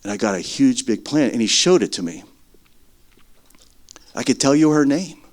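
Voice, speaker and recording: A middle-aged man preaching a sermon as earnest testimony, swinging between loud stretches and hushed ones. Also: medium pitch, animated, normal speed.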